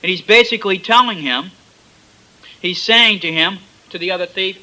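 A high-pitched man preaches with an emphatic, dramatic delivery. His tone is piercingly bright and tense, and he swings his loudness up and down as he retells the story. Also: normal speed, poor audio. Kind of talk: sermon.

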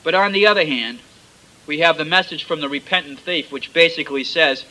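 A high-pitched man preaches with an emphatic, dramatic delivery. His tone is piercingly bright and tense, and he swings his loudness up and down as he retells the story. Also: brisk, low-quality recording. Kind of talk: sermon.

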